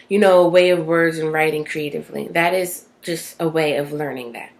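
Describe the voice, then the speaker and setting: A woman vlogging casually from her bathroom, chatty and rambling, with many fillers and tag questions. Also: low-pitched. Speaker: self-help vlogger. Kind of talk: casual talking-to-camera vlog. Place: small bathroom at home.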